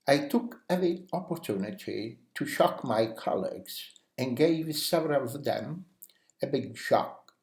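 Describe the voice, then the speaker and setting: Slow-paced male English teacher. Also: mid-range voice. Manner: acts out example phrases in a lively way; uses many "you know" fillers. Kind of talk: language lesson. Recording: roomy echo.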